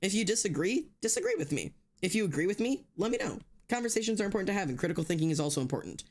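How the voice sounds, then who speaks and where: A man's voice: high voice, very animated, racing. Guy streamer on a desk mic, cusses a ton, rants to chat then laughs at himself. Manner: talks straight to chat, many restarts. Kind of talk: casual livestream chat.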